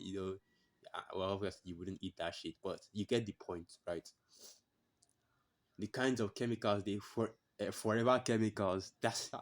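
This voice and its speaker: A man giving blunt, profane religious commentary that he breaks up with scripture readings, repeating his phrases for emphasis. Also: fairly low pitch.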